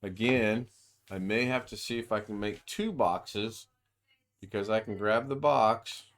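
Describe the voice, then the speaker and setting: A man with a lowish voice walks through a software demo on a video call. He talks casually, thinking out loud and circling back on himself mid-sentence. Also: unhurried. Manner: thinks aloud, rambling with restarts. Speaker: software demonstrator. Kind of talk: casual screen-share tutorial.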